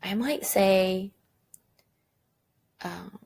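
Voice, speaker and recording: A woman's voice: mid-range voice, very slow, creaky, a little mellow, breathy edge. A woman teacher giving a recorded lesson, chatty and self-deprecating, thinking aloud as she goes.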